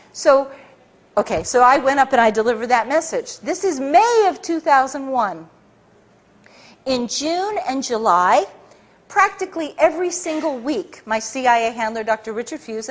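A woman speaking at a public talk, telling a story to a live audience in an animated, rambling way, often correcting herself mid-sentence. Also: high voice.

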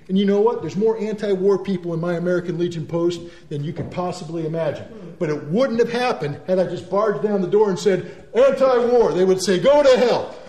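A man giving an animated talk to an audience, emphatic and quick to mimic the people he describes. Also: high-pitched. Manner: animated, emphatic, repeats words, mimics others' voices. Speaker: speaker. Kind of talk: speech to an audience. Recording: roomy echo.

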